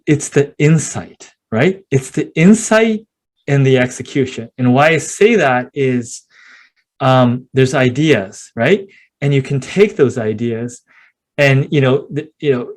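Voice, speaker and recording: A man speaking as a podcast guest in casual interview talk, an animated storyteller who acts out scenes and uses many fillers. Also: mid-range voice. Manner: many fillers like "you know".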